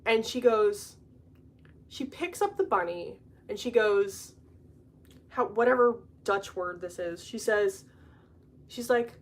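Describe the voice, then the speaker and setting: A woman's voice: medium pitch, slow, pauses often. Chatty woman telling a travel story. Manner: chatty, animated storytelling, laughs often. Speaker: podcast host. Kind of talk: casual chat.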